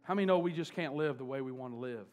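A man's voice: mid-range voice, quick pace, faint music behind. A man preaching a sermon, driving points home by repeating key words. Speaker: pastor.

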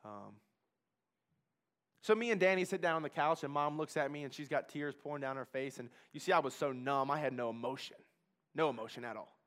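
A man from Kentucky telling his recovery story as a personal testimony, emphatic and repetitive, swinging from hushed to loud. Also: medium pitch, brisk. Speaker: speaker sharing a recovery testimony.

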